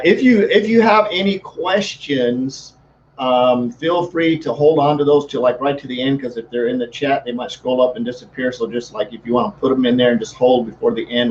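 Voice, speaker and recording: A man's voice: medium pitch, steady tone, brisk, a little mellow. A man hosting a live stream, upbeat and repeating words as he introduces a guest. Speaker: host. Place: Saint Louis. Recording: slightly dull with faint noise.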